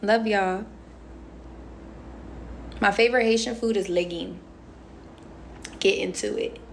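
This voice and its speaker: Gravelly, chatty young woman on a phone livestream. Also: medium pitch, steady tone, takes it slowly, slight background noise. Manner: chatty and playful, heavy on fillers like "um" and "like". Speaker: reality show contestant on a livestream. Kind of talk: casual livestream chat, reading and answering viewer comments.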